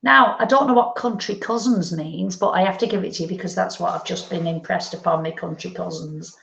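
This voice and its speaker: A woman working as a medium, gently relaying messages in a meandering way during a live spiritual reading. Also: on the low side, a little fast, vocal fry. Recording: roomy, dull lo-fi sound.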